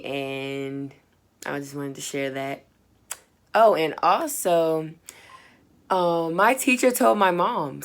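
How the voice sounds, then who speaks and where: A young woman, a student, casually telling a personal story, chatty and full of fillers, acting out what people said. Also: on the low side. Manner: chatty, full of "like" and fillers, acts out quoted lines.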